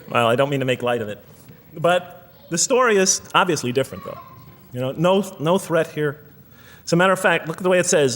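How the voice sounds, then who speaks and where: A man's voice: high voice, fast talker, a bit bright. An American man giving a reflective lecture, reading out verses and explaining them while thinking aloud and rephrasing himself. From United States. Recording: long hall reverb.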